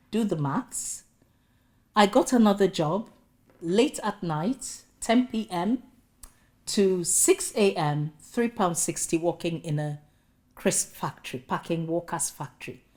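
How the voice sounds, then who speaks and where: A Nigerian woman professor recounts her personal journey in an animated, storytelling way, dropping humorous asides. Her voice sits a little low. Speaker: guest speaker, professor.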